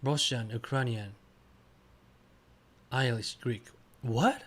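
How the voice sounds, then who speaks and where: Playing a guessing game, this man streams in a relaxed, chatty way, using short, hesitant phrases and now and then erupting into excited cheering. His voice sits in the mid range.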